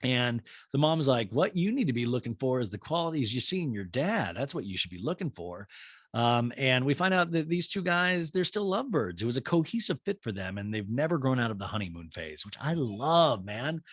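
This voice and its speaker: A man's voice: a little fast, husky, dry recording, studio quality. A young adult man casually recapping a reality show, acting out the cast's lines in exaggerated voices. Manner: animated, acts out quotes in exaggerated high voices.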